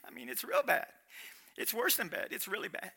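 A man preaching a sermon as pastor, emphatic and animated, acting out quotes with dramatic pauses. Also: very high-pitched, creaky, husky.

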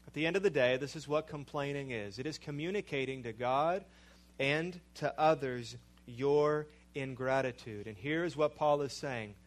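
A male preacher delivering a sermon in a slow, emphatic way, with dramatic drops in volume. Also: medium pitch.

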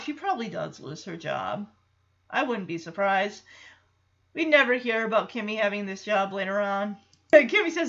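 A woman's voice: on the high side, normal speed. A woman casually recapping a sitcom episode, acting out the characters' lines in different voices and laughing often. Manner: animated, acts out quotes in voices, laughs often. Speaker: show recapper. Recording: slightly dull lo-fi sound.

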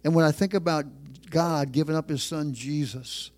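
A middle-aged man preaching a sermon as pastor of a church, emphatic, repeating phrases and slowing down on key lines. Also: a little high, a little mellow.

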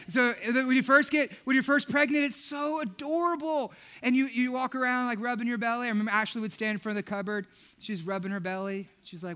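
Male preacher, thirties, high bright voice, storytelling sermon with voiced-out quotes. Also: a little fast. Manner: storytelling with acted-out quotes and laughs. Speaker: pastor.

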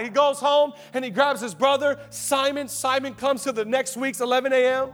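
High-voiced pastor preaching with fervor. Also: male voice, normal speed, few pauses, soft background music. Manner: animated storytelling, rousing the church with call-outs. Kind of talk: energetic sermon. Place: church auditorium.

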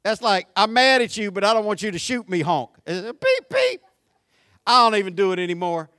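A man preaching a sermon as pastor, folksy and joking, swinging from shouts down to quiet, low talk. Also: fast talker, clear, resonant tone, no room sound, studio quality. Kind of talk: conversational sermon.

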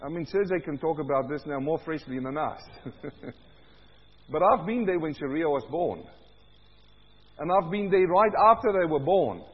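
A man preaching a sermon, asking rhetorical questions and swinging between hushed lows and loud emphatic peaks. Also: expressive, normal speed, pauses often, breathy edge. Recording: dull sound in a long-reverb hall.

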